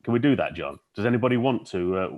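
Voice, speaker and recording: A man's voice: fairly low pitch, fast, lo-fi sound. A man hosting a live astronomy podcast, playful while leading into segments. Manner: playful, animated, links segments. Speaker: podcast host.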